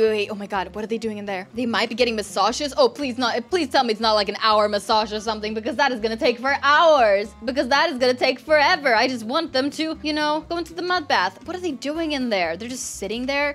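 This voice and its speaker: A young woman commentates her game in a somewhat high, bright-toned voice. She gasps and squeals with excitement, then drops to a hushed, conspiratorial murmur as she sneaks around. Faint music plays behind her. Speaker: gaming channel host. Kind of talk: playful gameplay commentary.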